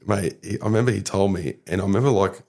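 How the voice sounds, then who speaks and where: A man's voice: sits low, quick pace, warm tone. A young Australian man, a podcast guest, telling a story in casual chat and rambling with lots of fillers. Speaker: podcast guest, rugby league player.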